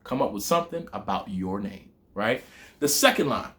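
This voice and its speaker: A young man with a Southern accent, teaching a playful lesson that mixes in rap bars. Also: on the low side. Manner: lively, playful, chanting lines slowly for emphasis.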